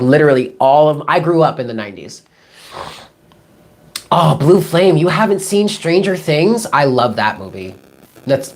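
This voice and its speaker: A woman's voice: a bass voice, a little mellow. A woman in her thirties, a tarot reader, rambling casually on a live stream, swearing freely and answering chat comments. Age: 30s.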